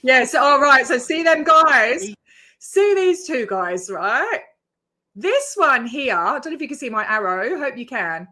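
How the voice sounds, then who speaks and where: An Australian woman with a high, animated, sharp-toned voice speaks at a measured pace on a casual reaction stream where she reacts to her own video. She's blunt, swears, and laughs in disbelief.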